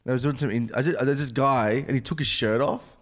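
A man's voice: mid-range voice, fairly quick. Blunt, foul-mouthed man telling stories. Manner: blunt, heavy swearing, animated storytelling. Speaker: comedian guest. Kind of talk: casual podcast chat, storytelling.

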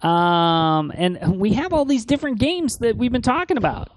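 A woman's voice: on the high side, expressive, moderate pace. A woman hosting a casual podcast chat, laid-back and hesitant with fillers. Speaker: podcast host. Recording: noticeable background noise.

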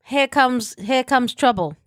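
A woman's voice: high voice, unhurried, a bit bright, no room sound. A middle-aged woman with a British accent co-hosting a podcast in casual chat, dry and matter-of-fact. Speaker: podcast co-host.

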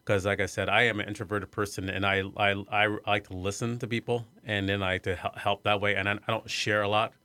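A middle-aged man from Iowa telling a personal story in an interview, soft-spoken and hesitant, with many fillers and restarts. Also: on the low side, flat delivery, fairly quick, few pauses, no echo. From Iowa, USA. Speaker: arts center executive director.

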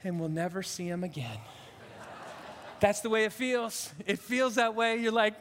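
Emotional high-voiced pastor in his fifties. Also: unhurried, big-room sound. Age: 50s. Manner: animated and emotional, with frequent restarts. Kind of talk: sermon.

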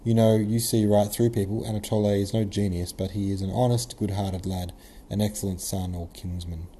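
A man's voice: on the low side, little pitch movement, a little fast, warm tone, a little hiss or hum, natural voice. A man voicing a crafty middle-aged male prince in a novel reading, ingratiating and persuasive. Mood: coaxing. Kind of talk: audiobook character reading.

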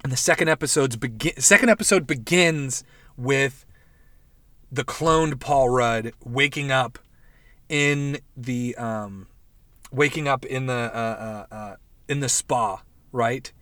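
A young man hosting a casual podcast, excitedly recapping and reviewing a show in a rambling, profane way. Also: mid-range voice, slow, no room sound. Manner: rambling, profane, animated retelling with quoted voices. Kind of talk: casual chat.

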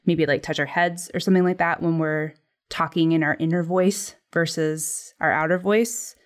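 A woman hosts a casual podcast over a video call, her voice sitting on the lower side. She explains her ideas haltingly, with frequent laughter breaking in. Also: steady tone. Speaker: podcast host.

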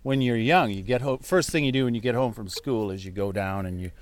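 A middle-aged man rambles through self-deprecating stories in an easygoing chat. His voice sits at an ordinary middle pitch. It is recorded close and dry, with no room sound. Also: fairly quick, dry recording. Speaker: comedian guest. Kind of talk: casual chat.

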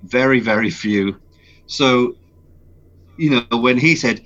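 A voice actor guest chatting in an interview, telling stories with animated excitement. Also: male voice, medium pitch, slow, pauses often, lo-fi sound. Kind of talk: casual interview chat.

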